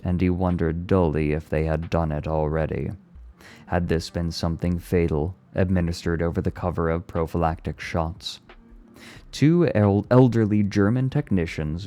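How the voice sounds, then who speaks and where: A man reading a novel aloud on stream, his voice very low and mellow. He takes the prose at a steady, deliberate pace and lets the phrasing breathe. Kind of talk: read-aloud storytelling.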